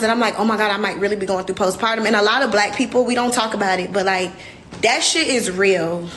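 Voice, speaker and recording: A woman's voice: mid-range voice, a bit bright, slight background noise. A young woman, hosting a casual livestream and speaking candidly and emotionally to her viewers. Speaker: livestream host.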